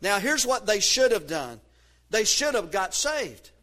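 A man preaching a sermon from the pulpit, fervent and emphatic, rising to shouts on key points. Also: high-pitched, sing-song, a little slow. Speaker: pastor.

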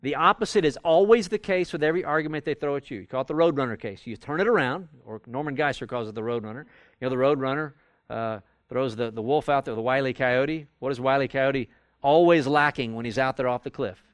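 A man teaches a Bible study class conversationally, at medium pitch and a fast pace, acting out quoted arguments as he goes. It was recorded for audio with a live class present, with no echo.

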